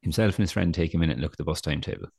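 Man, young adult, very deep voice, dry close mic, rambling casual podcast chat. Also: animated, rapid-fire, creaky, a little mellow, slightly rough, dry recording. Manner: rambling, self-deprecating anecdotes with many fillers. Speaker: podcast co-host.

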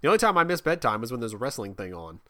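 A man's voice: mid-range voice, sing-song, rapid-fire, sharp tone, slight background noise. A man in his thirties chatting casually from a home office, a father telling family stories with frequent laughs and self-deprecating restarts. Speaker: podcast co-host. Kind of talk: casual chat.

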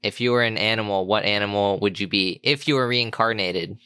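A man's voice: fairly low pitch, brisk, sharp tone, smooth, no room sound. A man asking casual interview questions in an easygoing way and laughing readily.

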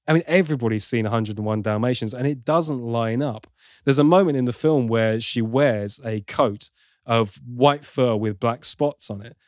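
A man's voice: medium pitch, dry recording, studio quality. A man giving an opinionated, casual film review as host, now and then mimicking for laughs. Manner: opinionated, playful mimicry of accents.

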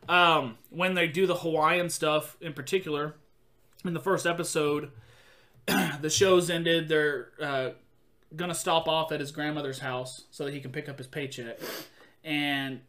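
A man hosts a casual podcast chat with a bright, clear tone and a voice a bit higher than most men's. He tells stories animatedly, acting out quotes and laughing often. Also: steady tone, a little slow.

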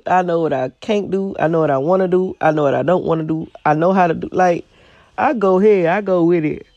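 A woman's voice: mid-range voice, dry recording. Blunt, swearing woman chatting from her car. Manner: blunt, animated, swears often, laughs. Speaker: vlogger. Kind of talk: casual chat to camera. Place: car, then home.

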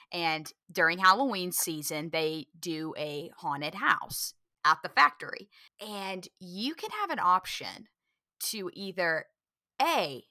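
A woman's voice: lowish voice, no echo, clean studio sound. A woman co-hosting a casual chat podcast, telling stories and acting out voices. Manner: animated storyteller, acts out voices in anecdotes. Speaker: podcast co-host.

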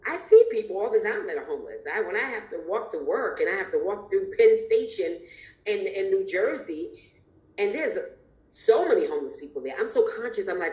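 A woman's voice: mid-range voice, very animated, a little fast, a little mellow. A woman hosting a podcast interview, talking expressively and emphatically and laughing often. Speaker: podcast host. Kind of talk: casual interview chat. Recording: roomy echo.

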